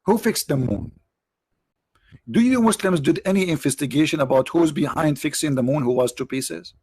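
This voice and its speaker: A man hosts a livestream in English that is not his first language, talking in a slightly high voice recorded dry and close. He mocks and needles with a steady run of rhetorical questions. His voice sounds worn, and he clears his throat between points. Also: normal speed, dry recording. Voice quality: non-native English phrasing. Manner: sarcastic, mocking, rhetorical questions. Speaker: livestream host. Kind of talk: mocking debate commentary.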